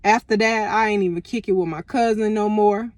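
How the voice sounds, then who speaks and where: A young woman casually telling a personal story to camera, animated and full of profanity and slang. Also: medium pitch, brisk, dry recording, studio quality. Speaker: storytime vlogger.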